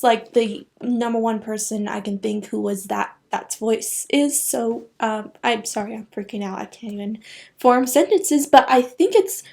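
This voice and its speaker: Female reaction host, slightly high voice, excitable and rambling, laughs a lot. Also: vocal fry. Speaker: anime reaction channel host. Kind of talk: casual reaction commentary.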